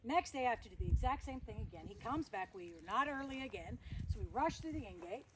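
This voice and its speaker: A woman's voice: on the high side, expressive, quick pace, a bit bright, a little hiss or hum. A woman horse trainer telling a story in a chatty way while working a horse outdoors, breaking off now and then to praise the horse. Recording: outdoor ambience with horse noises.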